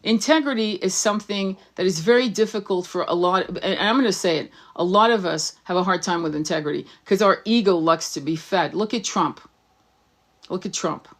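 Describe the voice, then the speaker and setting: A woman who works as a psychic, giving a blunt, profane and impassioned talk to fellow healers. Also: medium pitch. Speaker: psychic and tarot channel host. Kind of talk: impassioned spiritual monologue.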